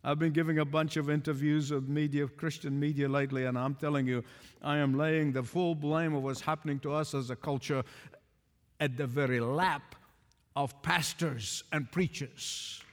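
A man preaching a sermon as pastor, emphatic, pushing up loud on key points and chuckling between them. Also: fairly high pitch, steady tone, moderate pace, big-room sound.

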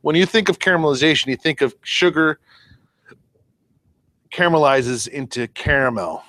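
A man's voice: on the high side, moderate pace, a bit bright, no room sound. A man co-hosting a casual podcast, explaining things with everyday comparisons and a loose, self-deprecating manner. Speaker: podcast co-host. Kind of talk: casual chat.

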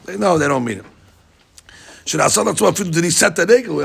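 Guy teaching a text class, talks super fast, bit high voice, animated, acts out the quotes, repeats himself. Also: gravelly, breathy edge.

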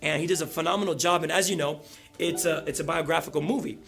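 A male pastor preaching a sermon, telling a story and building to loud emphatic peaks. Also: fairly high pitch, fairly even intonation, fast, creaky.

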